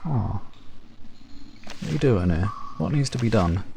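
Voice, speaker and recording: Wry gravelly-voiced man playing a game. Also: lowish voice, lively intonation, measured pace, pauses often, warm tone, slight background noise. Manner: wry, joking asides. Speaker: let's play host. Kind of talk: reading game dialogue and commenting.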